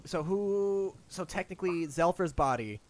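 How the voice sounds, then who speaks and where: A man's voice: sits high, animated, moderate pace. A man running a tabletop game as game master, narrating casually with restarts and spoken sound effects.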